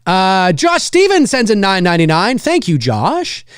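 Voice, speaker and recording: Smooth-voiced man chatting casually. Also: high-pitched, huge pitch swings, unhurried, dry recording, clean studio sound. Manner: conversational, rambling and self-correcting. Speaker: livestream host and indie filmmaker. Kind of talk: casual live chat answering viewers.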